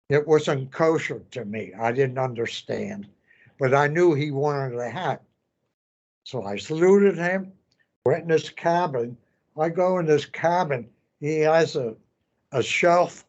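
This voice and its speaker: An elderly man in his nineties, a veteran telling his story in an oral history interview, halting and repeating words as he goes. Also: mid-range voice, a little mellow, highs cut off. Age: 90s. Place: veterans center room.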